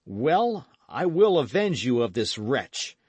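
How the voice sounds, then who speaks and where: A man's voice: mid-range voice, very animated, takes it slowly, husky, no echo, pitched above the performer's own voice, heavily acted. Man doing D'Artagnan, an ardent young swordsman. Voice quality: impassioned, exclaiming. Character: ardent young male swordsman, passionate and rash.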